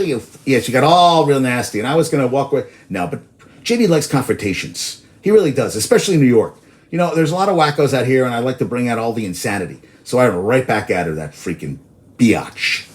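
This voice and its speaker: A man's voice: mid-range voice, animated, brisk. A man hosting a casual sports talk show, rambling through stats and personal tangents, cursing freely, apparently outdoors in New York.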